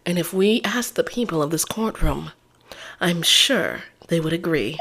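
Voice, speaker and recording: A solemn young male prosecutor speaks in a low, hushed, measured voice, looking down on everyone in the courtroom game. A woman reads him in a put-on voice. His speech swings noticeably in pitch, even though he keeps it quiet and deliberate. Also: vocal fry, a little hiss or hum, full character voice, rough recording. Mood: cold, condescending. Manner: slow, measured, quietly condescending.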